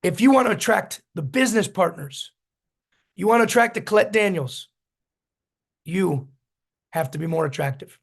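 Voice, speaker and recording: A man's voice: high-pitched, lively intonation, moderate pace, vocal fry, long pauses, breathy edge. A man coaching a business team in a storytelling motivational talk, repeating his key points with emphasis. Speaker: business mentor.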